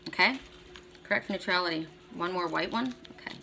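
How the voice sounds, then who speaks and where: A middle-aged woman giving an oracle card reading, speaking in a bright, forward voice. She is chatty and encouraging, talking straight to her viewers. A faint hum of room ambience sits behind her. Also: on the low side, a little fast, creaky. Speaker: tarot and oracle card reader.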